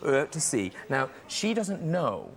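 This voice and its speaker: A middle-aged Irish man hosts a chat show with playful banter, teasing and laughing often as he goes. His voice is mid-range and slow, with big swings in pitch. The studio recording picks up the audience and some noise.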